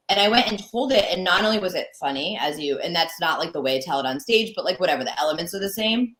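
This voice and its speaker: Young woman from Connecticut, comic guest, bright tone, chatty storyteller, roomy echo. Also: on the low side, fast talker. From Connecticut, USA. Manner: chatty, peppered with "like", acts out quoted lines. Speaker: guest comedian. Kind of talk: candid storytelling interview.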